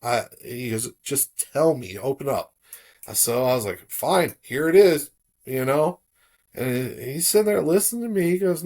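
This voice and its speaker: A middle-aged man from South Florida, a podcast guest telling a personal story in a relaxed, casual way, livening up when he quotes others. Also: mid-range voice, unhurried.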